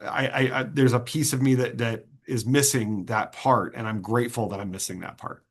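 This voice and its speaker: A man being interviewed, an earnest performer who tells stories with many halting restarts. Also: medium pitch, steady tone, slightly rough. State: choked up. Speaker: interview guest, sword swallower and performer. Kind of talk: reflective interview answers.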